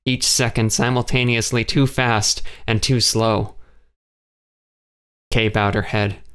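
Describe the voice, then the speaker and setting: A man narrating an audiobook in the first person, in a measured, even way. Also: fairly low pitch, smooth.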